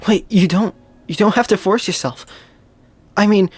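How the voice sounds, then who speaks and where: A game player reading aloud as a gentle, careful teenage girl who leads a school club. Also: medium pitch, normal speed, husky, no room sound, voice pushed up, close to an everyday voice. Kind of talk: reading a visual novel aloud.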